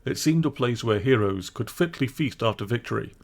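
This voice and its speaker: A man narrating a classic children's storybook in a calm, measured way. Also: mid-range voice, vocal fry. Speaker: audiobook narrator.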